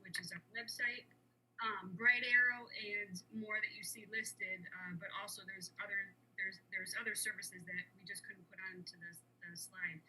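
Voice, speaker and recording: A woman presenting a technology department budget to a school committee, steady and prepared with occasional fillers. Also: mid-range voice, rough recording. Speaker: educational technology director.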